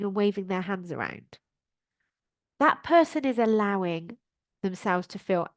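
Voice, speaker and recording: A woman, a life coach, hosting her podcast in an animated motivational style and acting out her own inner voice. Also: medium pitch, dry recording, studio quality.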